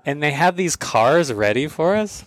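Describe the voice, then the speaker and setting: A man hosting a podcast, telling animated stories in casual chat and acting out other people's voices. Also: fairly high pitch, a little slow. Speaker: podcast host.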